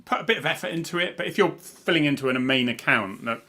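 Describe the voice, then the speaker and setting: A man's voice: fairly high pitch, lively intonation, fast talker, pushed and bright. A middle-aged man from Cornwall, co-hosting a casual chat over a video call, rambling and chuckling as he corrects himself. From Cornwall, England. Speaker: co-host, former police officer.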